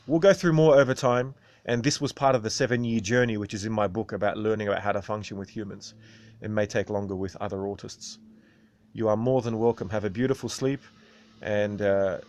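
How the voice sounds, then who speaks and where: A man hosting a casual video monologue, rambling and tagging sentences with "right?". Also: lowish voice. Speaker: video host.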